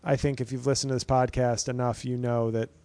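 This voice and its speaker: A man's voice: medium pitch, little pitch movement, fairly quick, warm tone, dry recording. A man in his thirties, a stand-up comedian hosting his own podcast, rambling through a profane, wry solo monologue.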